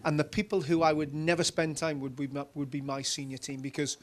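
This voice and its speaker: Middle-aged Geordie man, keynote speaker; chatty storyteller, voice a touch high. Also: brisk. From Newcastle, England. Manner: chatty, animated anecdotes with many fillers. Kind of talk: conference stage Q&A, storytelling.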